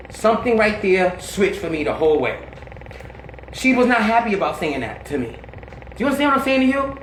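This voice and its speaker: Woman, candid interview storytelling, slangy, blunt, animated, echoey room. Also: mid-range voice, a little fast, slight background noise. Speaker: interviewee telling stories.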